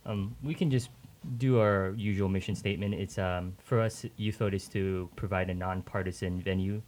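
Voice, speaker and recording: A young man answering interview questions on a radio show, relaxed and joking, a bit rambling. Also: deep voice, normal speed, a little hiss or hum. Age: young adult. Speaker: youth group member, guest. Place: radio studio.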